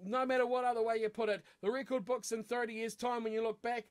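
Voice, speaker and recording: A man's voice: extremely high pitch, flat delivery, fast talker, smooth. A man with a New Zealand accent talking through his rugby match predictions in a chatty, rambling way, with frequent fillers and restarts. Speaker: rugby channel host.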